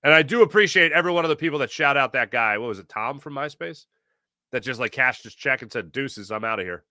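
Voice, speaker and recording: A man hosting a sports talk podcast, opinionated and animated, often acting out what others said. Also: medium pitch, fast talker, no room sound, studio quality. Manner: animated, opinionated, acts out quoted voices. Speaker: podcast host. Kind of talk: casual sports talk monologue.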